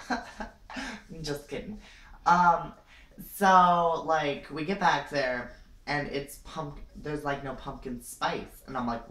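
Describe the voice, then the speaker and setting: A woman's voice: deep voice, slow pace, a bit bright. A young woman improvising a comic story time, rambling and dramatic, with lots of "like" and "you know". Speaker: vlogger. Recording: roomy, distant from the mic.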